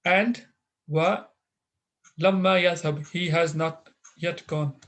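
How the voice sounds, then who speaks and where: A man's voice: on the high side, fairly even intonation, slow, fairly bright tone. Man teaching Arabic grammar online. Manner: explains patiently with many fillers and restarts. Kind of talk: online interactive class.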